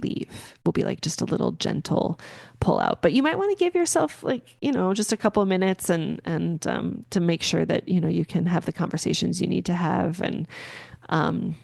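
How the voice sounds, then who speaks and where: Low, gravelly-voiced woman rambling casually. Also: lively intonation, moderate pace, dry recording, studio quality. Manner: rambling, filler-heavy, gently encouraging. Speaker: podcast host. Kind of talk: casual spoken explanation.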